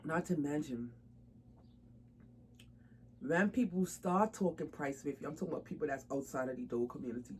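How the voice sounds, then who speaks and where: A woman's voice: deep voice, moderate pace, pauses often, darkish tone, a little hiss or hum, rough recording. A woman chatting casually to camera about her doll hobby, informal and laughing often. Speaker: doll collector vlogger.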